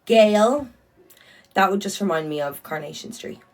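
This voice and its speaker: A woman's voice: mid-range voice, expressive, moderate pace, far from the mic, rough recording. A woman with an Irish accent chatting casually on a phone livestream, blunt and swearing freely. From Ireland. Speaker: livestream host. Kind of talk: casual livestream chat reading comments.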